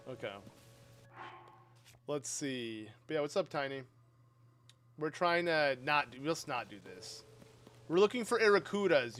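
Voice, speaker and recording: A man streaming a game live, chatting casually with his viewers in an excitable, talkative way and laughing often. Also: fairly high pitch.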